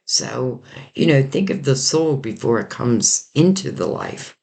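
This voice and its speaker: Slow, gravelly-voiced man reading tarot. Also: mid-range voice, animated, darkish tone. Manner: rambling, reflective, with many fillers. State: losing his voice. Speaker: tarot reader. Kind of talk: casual spoken tarot reading.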